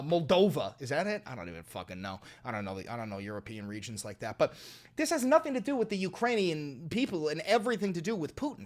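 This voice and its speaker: Male streamer, angry and profane, sarcastic, lively up-and-down voice. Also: a little high. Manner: heated, swearing, sarcastic, talks straight to chat. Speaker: streamer reacting to an interview clip. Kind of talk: profane, ranting political commentary.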